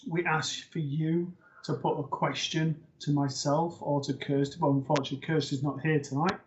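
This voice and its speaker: Male host, medium, chatty with fillers, higher voice, muffled stream audio. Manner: relaxed, hesitant with fillers. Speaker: psychic medium hosting a live show. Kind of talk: live-stream host talk.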